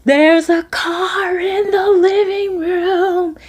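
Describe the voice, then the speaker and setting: An exasperated middle-aged father, a cop, shouts in disbelief, played by a woman. His voice jumps high when he yells. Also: animated, slow.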